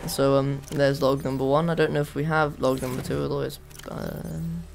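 A man's voice: medium pitch, flat delivery, moderate pace, gravelly, a little hiss or hum. A young man giving casual let's play commentary, chatty and easily exasperated. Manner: chatty, exasperated, self-mocking. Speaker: gaming video host. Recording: voice over game audio and music.

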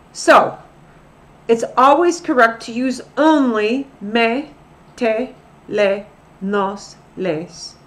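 Woman teacher, middle-aged, slow deliberate delivery, lively pitch, a bit high, repeats examples. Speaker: Spanish teacher. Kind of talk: recorded classroom lesson.

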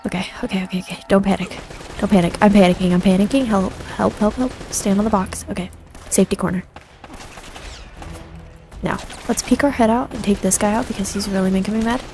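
A woman's voice: medium pitch, steady tone, a little fast, pauses often, a little mellow, faint music behind. A woman giving let's play commentary while gaming, panicky and self-mocking, often repeating herself. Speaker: gaming streamer.

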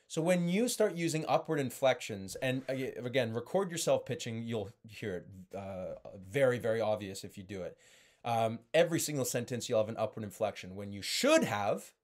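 A man's voice: medium pitch, animated, moderate pace, a little mellow. Emphatic male sales coach. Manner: emphatic coaching, checks in with "okay?" and "right?". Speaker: sales trainer. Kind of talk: sales training talk.

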